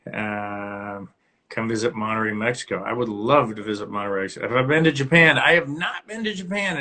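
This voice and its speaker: Livestreaming from home on a phone, a man runs his own casual, rambling show, occasionally telling off his dog when it barks. His voice is mid-range, bright, and forceful.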